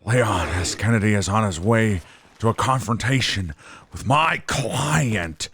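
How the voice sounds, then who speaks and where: A man putting on a raspy voice as a male wrestling manager hyping up his client. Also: on the low side, lively intonation, a little slow, fairly bright tone, a little hiss or hum.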